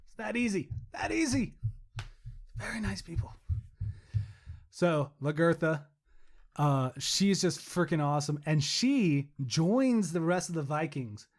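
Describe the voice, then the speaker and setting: A man's voice: on the high side, lively intonation, takes it slowly, long pauses. A young adult man co-hosting a podcast, rambling casually, swearing and mocking himself. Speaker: podcast co-host.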